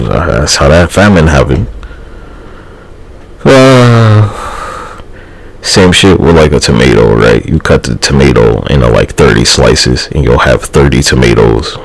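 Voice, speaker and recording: A man's voice: extremely low pitch, lively intonation, measured pace, gravelly, low-quality recording. A man streaming live, talking in a loose, rambling and profane monologue.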